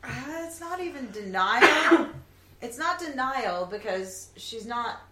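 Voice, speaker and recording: A woman telling her own stories in an animated way, swearing now and then, in a casual group chat. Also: fairly high pitch, slow pace. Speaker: guest. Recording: echoey room, faint background noise.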